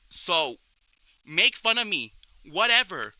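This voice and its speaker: A young man hosting a casual solo chat podcast, rambling excitably and often restarting his sentences. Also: fairly high pitch, takes it slowly, no room sound, rough recording. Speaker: podcast host.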